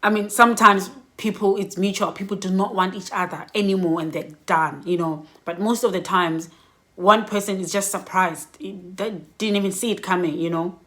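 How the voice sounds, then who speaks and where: Woman, middle-aged, candid vlog advice, reflective, soft laughs between points. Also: mid-range voice, steady tone, moderate pace. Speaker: vlogger.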